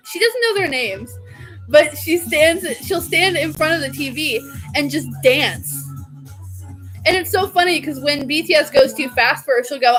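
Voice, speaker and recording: A woman's voice: high voice, fairly bright tone, rough recording. A young woman vlogging in a casual, chatty way, gushing and laughing often. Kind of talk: casual chat.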